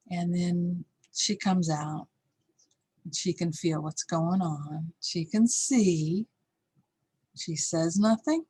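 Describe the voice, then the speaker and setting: A woman's voice: lowish voice, breathy edge. A middle-aged woman teaching a course, telling a candid, reflective personal story and acting out the voices in it. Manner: candid, reflective, acts out yelled lines.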